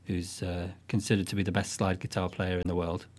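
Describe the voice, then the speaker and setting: A man with a fairly low voice, talking through his music in a relaxed interview. He speaks thoughtfully, circling back and restarting phrases as he explains. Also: a little fast. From northwest England. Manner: thoughtful, with frequent restarts and soft fillers. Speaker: guest musician. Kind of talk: casual interview.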